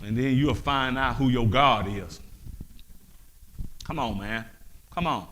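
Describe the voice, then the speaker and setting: A man preaching a sermon, fiery and full of rhetorical questions, climbing to shouts. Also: mid-range voice, takes it slowly, a little hiss or hum. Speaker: pastor.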